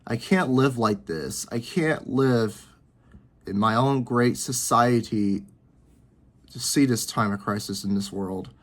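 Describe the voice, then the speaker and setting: A man in his early twenties talking to camera from his bedroom, rambling and repeating himself with halting restarts. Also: mid-range voice. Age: 20s. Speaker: vlogger. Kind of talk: personal talk to camera.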